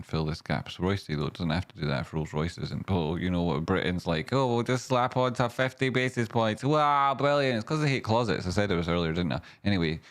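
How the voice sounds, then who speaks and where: A deep-voiced man hosts a live stream, chatting and thinking aloud as he goes through stock charts. He throws in jokey asides along the way.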